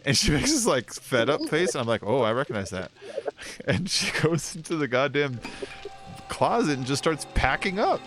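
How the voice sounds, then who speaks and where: A man's voice: normal speed, soft background music. A man hosting a casual stream chat, telling family stories and acting out the quotes with big jumps in his voice. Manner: animated storyteller, acts out quotes with big pitch jumps. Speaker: streamer host.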